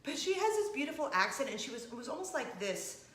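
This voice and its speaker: A woman's voice: high-pitched, fast, echoey room. A woman vlogger, chatting casually and playfully with her viewers. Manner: chatty and animated, with laughs and playful asides. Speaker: vlog host. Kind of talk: casual chat.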